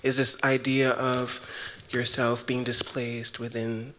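Flat-voiced man asking a question. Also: mid-range voice, slow pace. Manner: hesitant, casual. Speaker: audience member asking a question. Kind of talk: audience question.

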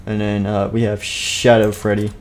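A man's voice: lowish voice, monotone, moderate pace. A man streaming and narrating a game role-play, playful and rambling, often laughing.

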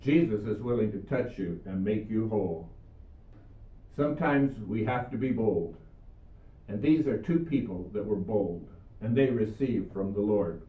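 With a fairly low pitch and a measured pace, an older man preaches earnestly in a video sermon. He shares Bible stories and his personal healing account, captured through a far mic in an echoey room with a phone-like quality.

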